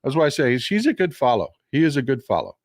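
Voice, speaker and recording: A man talks casually to his viewers, chatty and quick to laugh as he reads their comments aloud. His pitch sits in an ordinary middle range, and the sound is dry and close, with little room echo. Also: very animated. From United States. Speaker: live stream host.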